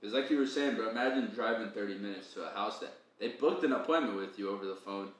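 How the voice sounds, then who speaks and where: A man's voice: on the low side, quick pace. A young man, telling stories in casual chat with lots of slang and laughter. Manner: slangy, laughs often, says "bro" a lot. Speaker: podcast co-host. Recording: very echoey room, faint ambient noise.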